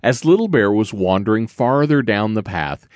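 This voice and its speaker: Expressive male children's storyteller. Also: on the low side, normal speed, no echo. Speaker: audiobook narrator.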